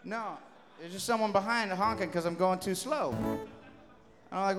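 A man telling a profane, animated story on stage between songs at a live show, with sudden shouts. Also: high voice, fairly quick, long reverb tail, over music. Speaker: comedy musician on stage. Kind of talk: rambling live stage banter.

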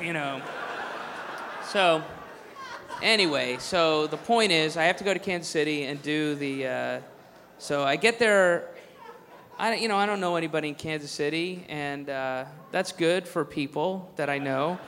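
A man's voice: fairly high pitch, unhurried, fairly bright tone, big-room sound, a faint crowd, a little hiss or hum. Profane, rambling man doing stand-up. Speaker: stand-up comedian. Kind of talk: stand-up routine.

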